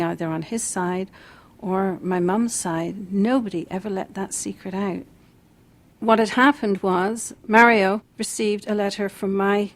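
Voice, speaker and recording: A woman speaking to camera in a reflective way with soft asides. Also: mid-range voice. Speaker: interviewee. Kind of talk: to-camera personal storytelling.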